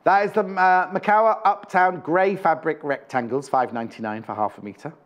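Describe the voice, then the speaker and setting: A man hosts a live home shopping broadcast from a TV studio, selling fabric in a chatty, teasing way. His voice sits a little high for a man, and he keeps up a running patter of prices and jokes. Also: moderate pace, lo-fi sound. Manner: chatty, jokey, teasing asides. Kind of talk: live TV sales chat.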